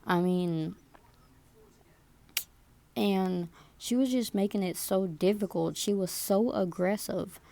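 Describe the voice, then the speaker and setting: A woman's voice: medium pitch, slow, creaky, long pauses, dark tone. A woman in her twenties telling a story to camera, indignant and repetitive, often adding "like" and "okay?". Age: 20s. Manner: indignant, repeats herself with "like" and "okay?". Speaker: vlogger.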